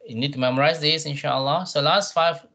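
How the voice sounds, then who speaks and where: A man teaching a Quran reading class, patient, often repeating himself and checking in with "right?", drawing out Arabic words slowly to model them. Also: fairly high pitch, gravelly, sharp tone. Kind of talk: tajweed revision class.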